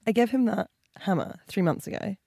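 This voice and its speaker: Co-host, mid pitch, animated intonation, jokey self-mocking storytelling, dry close sound. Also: brisk, gravelly, breathy edge, no echo. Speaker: podcast co-host. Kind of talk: casual comedic chat.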